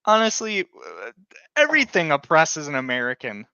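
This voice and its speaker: A man's voice: on the high side, huge pitch swings, moderate pace, creaky, pushed and bright, clean tone, no echo. A man in his twenties co-hosting a podcast, telling profane, sardonic stories. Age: 20s. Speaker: podcast co-host. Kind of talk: casual comedic banter. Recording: dull lo-fi dry mic.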